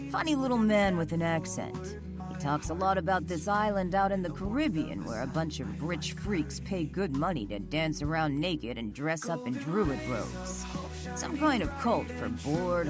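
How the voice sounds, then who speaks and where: A woman narrator voicing a smug, cruel male outlaw gang boss who speaks with a slow, calm, taunting drawl. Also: low voice.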